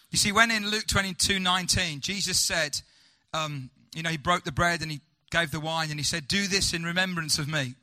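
Fairly high in pitch, the preacher's sermon rises to loud, urgent lines and drops to hushed, slow ones as he asks the congregation rhetorical questions.

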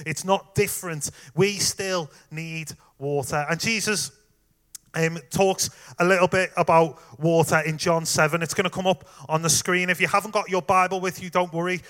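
A man preaches a sermon conversationally, addressing the congregation directly with warmth and the occasional "um." His voice is high-pitched with fairly even intonation and a moderate pace.

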